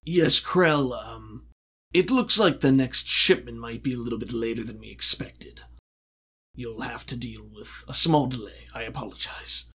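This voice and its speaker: A man voicing a cruel, weary male crime boss in a tabletop game, bored and dismissive with a quiet menace. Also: mid-range voice, unhurried, husky. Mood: polite.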